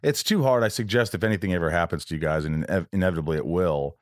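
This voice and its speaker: A man's voice: low voice, very fast, dry recording, clean studio sound. A male podcast host in casual chat, telling a personal story in an earnest, rambling and emotional way, with frequent restarts.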